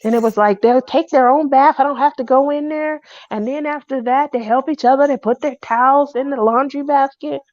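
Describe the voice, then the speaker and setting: A woman telling a personal story in a casual, animated way. She acts out the people she quotes in a loud voice. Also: high-pitched, fairly quick, hardly any pauses, no echo. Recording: dull, dry lo-fi recording.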